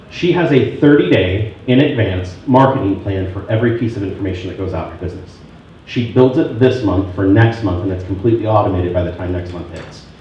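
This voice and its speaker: A man's voice: lowish voice, mellow. A man giving a talk at a real estate sales meeting, telling stories and acting out both sides of phone calls. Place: meeting room. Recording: very echoey room, distant, dull and muffled, faint noise.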